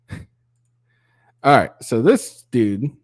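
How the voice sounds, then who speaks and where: A man hosts a reaction commentary, sarcastic and profane. He often mimics other people's voices. His voice sits at a middle pitch and sounds dry and close, with no room echo. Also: very animated, very slow, husky. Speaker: commentary channel host.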